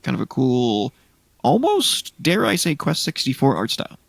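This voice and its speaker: Podcast co-host, male, low gravelly voice, animated and rambling, dry recording. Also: moderate pace, no room sound. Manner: rambling, listing game releases with restarts. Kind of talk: casual chat.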